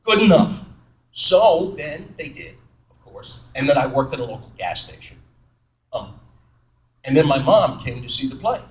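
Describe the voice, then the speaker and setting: A man from New York State, an actor, telling stories casually to fans at a Q&A. He is chatty and animated, pokes fun at himself, and acts out the voices of people he quotes. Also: mid-range voice, measured pace, long pauses, slight background noise. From New York State, USA. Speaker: actor answering fan questions. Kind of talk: casual storytelling at a Q&A panel. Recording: roomy echo of a hall.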